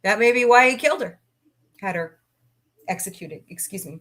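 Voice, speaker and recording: A woman's voice: medium pitch, animated, moderate pace, fairly bright tone. A woman hosting a casual livestream, chatting in a goofy, easygoing way as she greets viewers in the chat. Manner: chatty, goofy, laughs easily. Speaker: livestream host. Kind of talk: casual chat reading live comments. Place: home, cats nearby.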